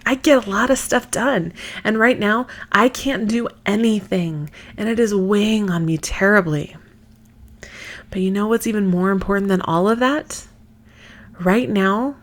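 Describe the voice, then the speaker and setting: A woman in her thirties talks straight to her listeners in a candid solo podcast, frank and heartfelt. She swears without fuss and breaks into easy laughter, her pitch sitting in a natural middle range. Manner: frank and earnest, swears casually, laughs easily. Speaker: podcast host.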